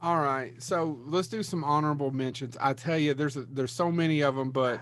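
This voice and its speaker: A man's voice: on the high side, brisk, a bit bright, a little hiss or hum. Rambling, profane man talking movies. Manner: rambling, swears, blanks on names. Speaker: podcast co-host. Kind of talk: casual movie chat.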